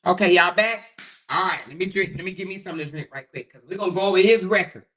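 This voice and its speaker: A woman's voice: fairly low pitch, fast talker, fairly bright tone. A woman hosting a casual livestream, talking straight to her chat and repeating herself as she goes over her notes. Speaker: livestream host.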